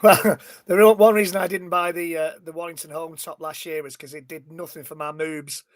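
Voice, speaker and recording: A man's voice: a little high, level tone, brisk, dry recording. Enthusiastic man, dry close sound. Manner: enthusiastic, laughing, self-mocking. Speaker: panelist. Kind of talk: casual panel chat.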